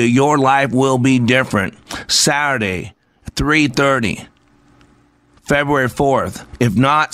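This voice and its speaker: A man hosting a motivational radio show, preaching about hope and leadership with a rousing, rhythmic, preacher-like cadence. His voice sits at a middle pitch and sounds close and dry in the studio, with faint music underneath. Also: fairly bright tone, no room sound.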